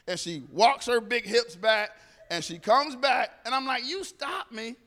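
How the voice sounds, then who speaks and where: A man speaking to a group, telling a personal story in an animated way and acting out the dialogue. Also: extremely high pitch, measured pace, long reverb tail.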